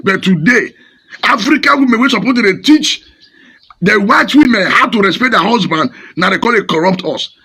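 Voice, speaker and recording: A Nigerian pastor delivering a fiery, scolding sermon in Pidgin-laced English. His voice is high, bright and gravelly, with wild pitch swings, and it has a raspy, husky edge. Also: animated, normal speed.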